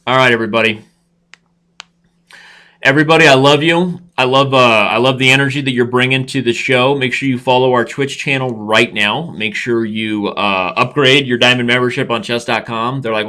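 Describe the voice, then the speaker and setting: A man's voice: mid-range voice, normal speed, bright, forceful tone. A young man hosting a live chess stream, rambling, joking and breaking into song. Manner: goofy, rambling, breaks into singing. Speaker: host.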